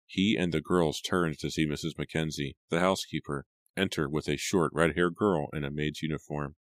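A man narrates an audiobook in a steady, measured way. His voice is extremely deep, and the recording is dry and close to the mic. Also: no echo. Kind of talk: scripted narration.

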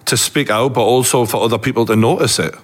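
A man's voice: mid-range voice, steady tone, quick pace. A young adult Geordie man hosting an interview, talking bluntly and casually with plenty of swearing. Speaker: host.

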